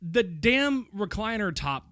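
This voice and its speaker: A man with a bright, high voice that swings up and down a lot as he retells a movie on a podcast. He laughs easily and slips into quick character voices. The sound is close and dry. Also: big pitch swings, dry recording. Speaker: podcast co-host. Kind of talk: casual film-review chat.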